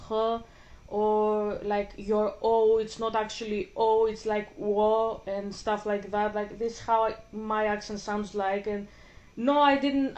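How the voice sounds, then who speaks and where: Over a rough recording, a mid-range female voice rambles through a casual chat during gameplay. She's a gaming vlogger from Greece with Greek as her first language, blunt in manner and quick to drop an easy swear word.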